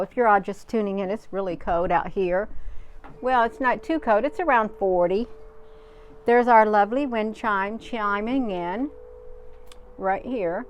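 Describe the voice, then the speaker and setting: A woman's voice: medium pitch, expressive, unhurried. A woman hosting a casual livestream, chatting to viewers and answering their comments, who drives her points home by repeating them in short, emphatic bursts. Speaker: livestream host. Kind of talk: casual live-stream chat, reading viewer comments.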